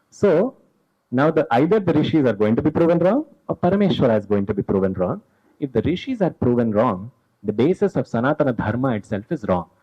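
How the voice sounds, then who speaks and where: A man tells old myths live, posing questions and then answering them himself. His voice is mellow and a bit husky. The recording sounds dull and lo-fi. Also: mid-range voice. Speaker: storyteller. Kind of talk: live mythological storytelling.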